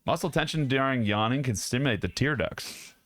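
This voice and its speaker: A man's voice: mid-range voice, a little fast, a bit bright, no room sound, clean studio sound. A young man streaming live, chatting casually with his viewers and joking and laughing a lot.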